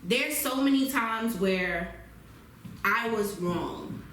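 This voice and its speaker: Woman, parent co-host, high voice, emphatic, heavy echo, set back from the mic. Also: animated, slow, a bit bright. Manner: emphatic, laughs often. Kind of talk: casual chat. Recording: echoey, distant from the mic, faint noise.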